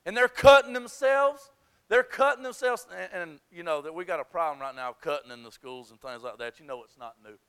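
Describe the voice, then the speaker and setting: High-voiced man preaching with fire. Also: animated, brisk, bright, forceful tone, clean tone. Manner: impassioned, emphatic, folksy storytelling. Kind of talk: sermon.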